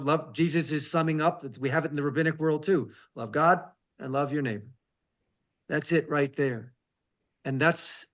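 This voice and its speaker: A man, a rabbi, reading scripture aloud slowly and with emphasis, stopping to comment and ask searching questions in a devotional conversation. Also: medium pitch, a bit bright. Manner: reads scripture slowly and emphatically, breaks off with asides. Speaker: rabbi, interview guest.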